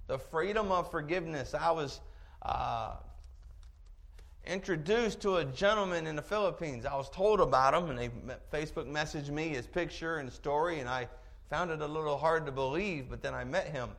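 Preacher guy, bit high voice, animated storytelling sermon. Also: normal speed. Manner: storytelling, animated, chuckling asides.

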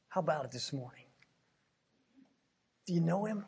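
A middle-aged man from Pennsylvania preaching a sermon, telling a personal story with emotion and repeating his words as he swings from hushed to loud. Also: a little high, lively intonation, moderate pace, gravelly, pauses often, slightly rough.

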